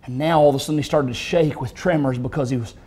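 A preacher telling a dramatic sermon story with intense, rising and falling delivery. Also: male voice, mid-range voice, fairly even intonation, fast, mellow, breathy edge, rough recording.

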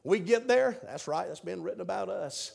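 High-pitched fervent man preaching. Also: lively intonation, moderate pace, creaky. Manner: fervent, swings between hushed and shouting. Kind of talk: revival sermon. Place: church.

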